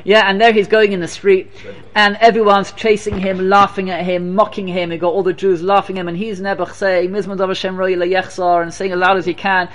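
A man teaching a religious lesson as a story, animated and emphatic, often repeating his phrases. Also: sits high, fairly quick. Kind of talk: storytelling sermon.

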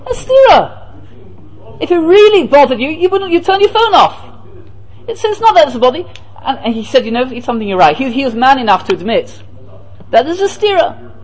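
A man's voice: very high-pitched, very animated, a little fast, poor audio. A man, a rabbi, giving a Torah lecture. He asks rhetorical questions and answers them himself, and acts out the people he quotes.

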